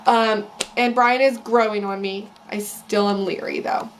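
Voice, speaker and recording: A woman's voice: medium pitch, fairly even intonation, measured pace, slight background noise. A young woman vlogging, casually and heatedly sharing her opinions in a rambling rant. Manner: opinionated, ranting. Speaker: vlogger recapping a reality show. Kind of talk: casual chat.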